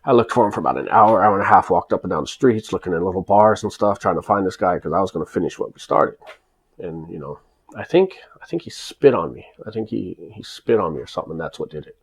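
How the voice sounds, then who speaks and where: Low-voiced and animated, an American vlogger talks fast about his life in Japan, with vocal fry and a breathy edge. The personal story comes out casual and emphatic, rambling with many restarts.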